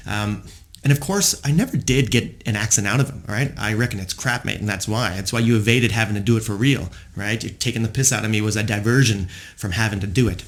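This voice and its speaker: A man's voice: medium pitch, fast talker, fairly bright tone. A man in his forties hosting a podcast, telling personal stories in a rambling, reflective monologue full of fillers. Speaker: podcast host.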